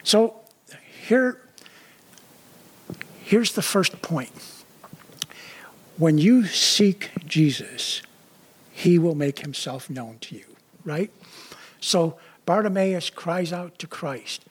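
A man's voice: a little high, lively intonation, very slow, long pauses, husky. A man preaching a sermon in a conversational way, often stopping to explain the verses he reads. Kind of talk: casual sermon.

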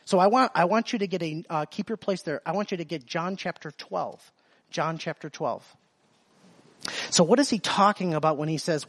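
High-voiced preacher, halting and earnest. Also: male voice, dry recording. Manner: repeats words, stumbles and restarts, asks the listeners questions; reads verses slowly and solemnly, then talks them over quickly. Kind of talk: sermon, reading and explaining scripture.

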